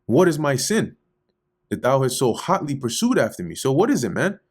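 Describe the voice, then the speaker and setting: A man's voice: medium pitch, normal speed, lightly acted. A man putting on an indignant, heated shepherd. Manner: heated, slangy and challenging. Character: indignant, exasperated grown man shepherd confronting his father-in-law.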